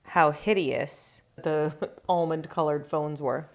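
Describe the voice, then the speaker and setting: A woman's voice: low-pitched, slow, gravelly. A woman co-hosting a casual movie-review podcast, with playful, giggly banter. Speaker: podcast co-host.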